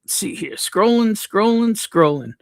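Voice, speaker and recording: In a clean studio recording with no echo, a man runs a relaxed livestream, unhurriedly reading chat names aloud and welcoming each viewer. His voice is high-pitched and animated.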